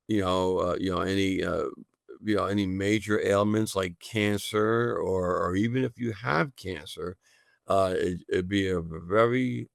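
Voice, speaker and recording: A man talking as a guest in a casual radio interview, halting, with many fillers and restarts. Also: low voice, creaky, no room sound, studio quality. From United States. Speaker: guest, natural health college founder.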